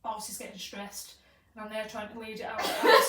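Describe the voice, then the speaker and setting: A woman co-hosting a podcast, telling stories in an animated, sweary way. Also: on the high side, brisk, over a noisy crowd. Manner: animated storytelling, swearing, laughing through. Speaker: podcast co-host. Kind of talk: casual chat, storytelling. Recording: roomy, distant mic, faint background hum.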